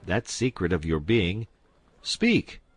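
A man's voice: low voice, animated, measured pace, husky, full character voice. A man voicing a pompous, self-pitying con-man duke who laments in grand, theatrical phrases. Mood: dramatic.

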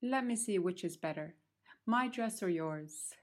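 A woman's voice: medium pitch, animated, measured pace, lightly acted. A woman voicing a clever, vain little female bird who tricks people with sly bargains. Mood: sly, chirpy.

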